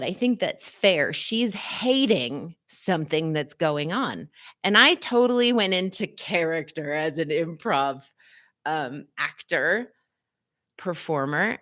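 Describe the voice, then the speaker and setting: Slow-talking woman therapist host. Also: medium pitch. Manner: animated storyteller, frequent "like", acts out scenes. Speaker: physical therapist and psychotherapist hosting a wellness show. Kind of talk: casual live talk with storytelling.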